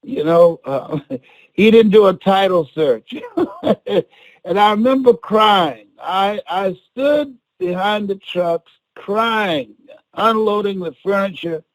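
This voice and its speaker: An older man giving a motivational speech as a story, with a preacher-like delivery that swings between hushed lines and shouts. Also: high-pitched, slow, poor audio. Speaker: motivational speaker.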